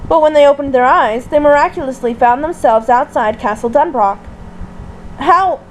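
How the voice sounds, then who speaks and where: A woman narrates a fan-written story at a steady pace, sometimes tripping over a word and restarting. Her voice is high and light. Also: a little fast, slight background noise, rough recording. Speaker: audiobook reader. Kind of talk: reading fan fiction aloud.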